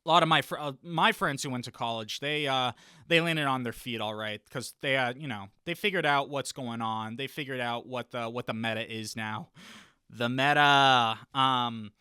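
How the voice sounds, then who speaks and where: A man's voice: mid-range voice, normal speed, sharp tone, clean tone, no echo, clean studio sound. A young man hosting a podcast in a rambling, boastful casual chat, often laughing between thoughts. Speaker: podcast host.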